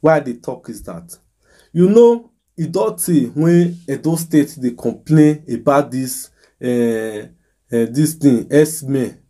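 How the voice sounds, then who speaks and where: Nigerian man, husky dark voice, mock news host, exasperated emphatic commentary. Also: medium pitch, takes it slowly. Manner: exasperated, rhetorical, emphatic ranting. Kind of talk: casual news commentary in Pidgin.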